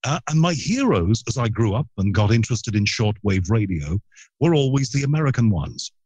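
A middle-aged man with a Liverpool accent reminisces chattily in a radio interview, poking fun at himself. His voice sits low. The sound is dry and close. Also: big pitch swings, moderate pace, darkish tone, breathy edge, no room sound. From Liverpool, England. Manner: chatty, anecdotal, self-deprecating humor. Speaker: radio broadcaster guest. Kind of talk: casual radio interview storytelling.

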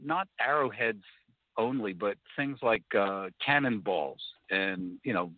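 A man calling in to a talk show, telling a story in a rambling, halting way with many restarts. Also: on the low side, animated, no room sound. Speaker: caller. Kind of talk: casual phone conversation. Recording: tinny phone line, dry.

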